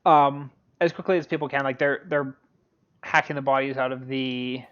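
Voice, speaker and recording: A man's voice: medium pitch, steady tone, a bit bright, clean tone. Guy running a tabletop game, ums and likes everywhere, muffled lo-fi sound. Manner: halting, full of "um" and "like". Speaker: game master. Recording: dull lo-fi audio.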